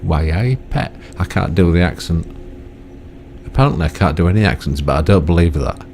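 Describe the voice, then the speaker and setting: A man's voice: low-pitched, brisk, darkish tone, a little hiss or hum. An older man giving rambling, chatty commentary on his own gameplay, full of tag questions and self-mocking asides. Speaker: gaming YouTuber.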